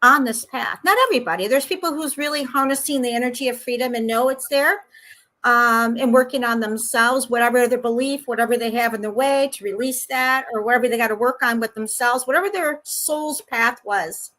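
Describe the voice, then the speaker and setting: A woman host with a higher, bright, forward voice. She rambles warmly through her points, filling them with "you know" and quick agreeing "yep"s. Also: poor audio. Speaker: talk show host. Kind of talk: casual interview talk.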